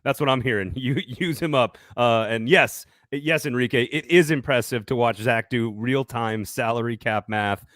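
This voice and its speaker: A man's voice: medium pitch, moderate pace, few pauses, fairly bright tone, no echo, clean studio sound. A man co-hosting a casual sports talk show, joking, laughing often and reading sponsor ads. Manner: jokey, laughs often, hypes co-host. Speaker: sports radio co-host. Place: Nashville studio.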